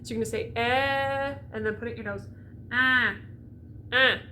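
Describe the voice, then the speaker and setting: A chatty woman teaching diction to singers, her voice sitting a little high. She keeps checking in with the listener, and a faint hum of room noise runs underneath. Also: fairly even intonation, fast talker, fairly bright tone. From United States. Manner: chatty, often checks in with "okay?". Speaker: voice coach. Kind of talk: diction lesson to camera.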